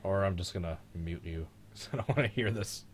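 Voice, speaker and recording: A young man hosts a live race reaction stream, his voice sitting low and deep. He jokes around, gets excited at the action, and lets slip the odd curse. A faint background hiss runs under the talk. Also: fairly quick. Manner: joking, excitable, mild swearing. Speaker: host of a live-streamed racing reaction show.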